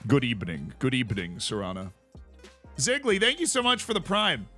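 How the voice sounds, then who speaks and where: A man chatting on a game stream, telling stories with a lively, swooping delivery and laughing often. His voice is bright and forward, and faint music plays behind him. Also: mid-range voice, moderate pace. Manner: animated storytelling, laughs often. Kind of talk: casual chat while playing a game.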